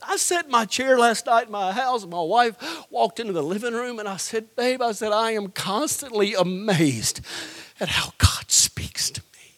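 A middle-aged man preaching a Pentecostal sermon, telling his own testimony and swinging from quiet storytelling to shouted pleading and whispers. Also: high-pitched, normal speed.

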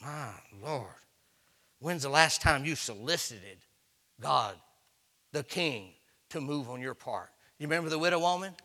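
Bright-voiced folksy preacher. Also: male voice, fairly high pitch, expressive, measured pace, long pauses. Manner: folksy storytelling, acts out voices, rising to shouts. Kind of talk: sermon.

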